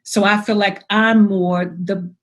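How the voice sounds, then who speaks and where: A woman's voice: mid-range voice, steady tone, slow pace. Woman poet telling stories about her writing. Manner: storytelling, acts out her inner voice in quotes. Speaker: poet guest. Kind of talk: reflective conversational interview.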